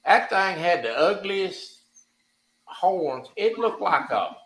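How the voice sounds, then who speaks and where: A man's voice: high-pitched, sing-song, slow, a bit bright. Easygoing man in an echoey room. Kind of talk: casual chat.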